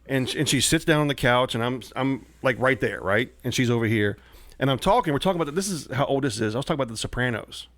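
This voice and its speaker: A man telling a story on a casual podcast. He acts out quotes with animated swings of voice. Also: medium pitch, fast, no room sound. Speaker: comedian guest.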